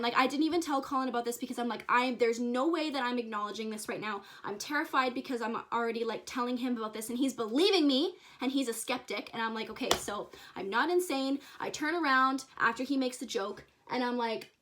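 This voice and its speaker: Young woman vlogger, kinda high voice, chatty and excitable, casual storytime energy. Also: brisk, few pauses. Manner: excitable, chatty, lots of "like" and "you guys". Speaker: vlogger and dance teacher.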